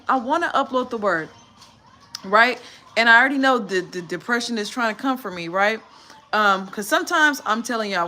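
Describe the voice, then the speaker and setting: A woman's voice: a little high, bright, forceful tone. A tired woman giving a candid live-stream testimony, telling her story animatedly and using church slang. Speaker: vlogger.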